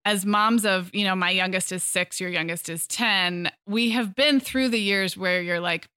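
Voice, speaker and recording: A woman's voice: mid-range voice, moderate pace, pushed and bright, clear, resonant tone, no room sound, clean studio sound. A woman in her forties co-hosting a parenting podcast, chatting casually and reading ads in an upbeat, conversational way. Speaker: podcast co-host. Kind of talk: casual chat and ad reads.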